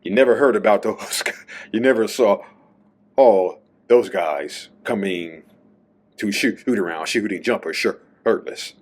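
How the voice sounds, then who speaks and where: A man hosts his own show in a very low voice, speaking slowly and casually. He rambles through a solo monologue. He keeps checking in with a questioning "okay?". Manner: chatty, tags lines with "okay?". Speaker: podcast host.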